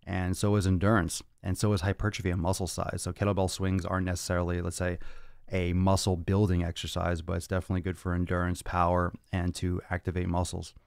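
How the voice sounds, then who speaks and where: A man's voice: deep voice, completely flat delivery, quick pace, creaky, darkish tone, smooth, no echo, studio quality. A man hosting a fitness podcast, answering listener questions in a blunt, profane, lecturing way. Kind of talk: blunt Q&A monologue.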